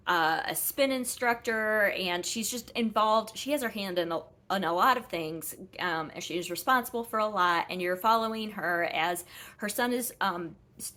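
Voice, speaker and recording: A woman's voice: medium pitch, a bit bright. Chatty woman rambling through book reviews. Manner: chatty, rambling, frequent ums and self-corrections. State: a little out of breath. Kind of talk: casual book review chat.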